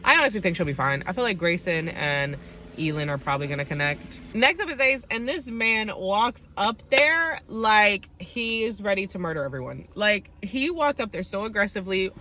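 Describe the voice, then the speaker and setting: A woman's voice: mid-range voice, expressive, normal speed, pushed and bright, slight background noise. A woman giving a casual, heated recap of a reality show, blunt and profane, acting out quotes from the cast. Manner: acts out quotes of the cast mid-story. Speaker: TV recap host.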